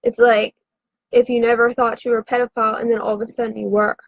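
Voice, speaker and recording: Woman, high voice, tipsy, profane, rambling livestream confessional; dry, dull lo-fi recording. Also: level tone, quick pace, dry recording. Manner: profane, rambling, frantic storytelling. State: drinking.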